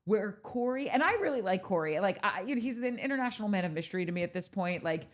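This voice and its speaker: A woman's voice: mid-range voice, animated, fast. A woman co-hosting a podcast, chatting casually and joking, often breaking into laughter. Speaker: podcast co-host. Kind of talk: casual recap chat.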